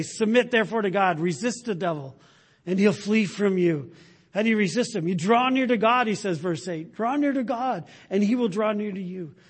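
A man with a high, husky voice preaches a sermon. He moves from loud, emphatic lines down to quiet, breathy asides and slows right down to stress key words. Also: long reverb tail. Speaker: pastor.

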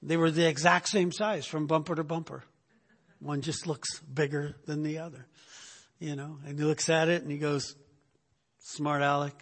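A man preaching from the pulpit of a church sanctuary, with a voice pitched a little above the usual for a man. His delivery is loose and conversational, full of restarts and "right?" tags. A long hall reverb trails each phrase. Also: level tone, moderate pace. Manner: casual storytelling, many restarts and "right?" asides. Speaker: pastor. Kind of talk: sermon with personal story.

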